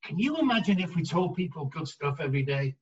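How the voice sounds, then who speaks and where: A man working as an addiction therapist, telling stories in an interview in an emphatic, animated way and acting out the voices he quotes. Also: fairly high pitch, fast talker, far from the mic, muffled recording. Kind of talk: storytelling in a conversational interview.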